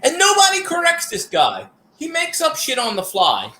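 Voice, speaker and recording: A man tells stories in a loose livestream chat, his high voice bright and cutting. He rants and curses freely, and the sound bounces around an echoey room. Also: moderate pace. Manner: animated storytelling with rants and cursing.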